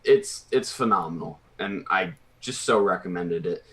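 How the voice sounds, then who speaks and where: A man's voice: low voice, normal speed, few pauses. Hesitant man in casual chat. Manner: relaxed, hesitant, full of ums.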